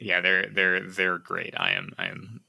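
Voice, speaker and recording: A man's voice: sits low, big pitch swings, a little slow, vocal fry, pushed and bright. A man co-hosting a podcast who chats casually about films, often restarting his sentences with amused asides. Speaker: podcast co-host. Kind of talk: casual movie discussion chat.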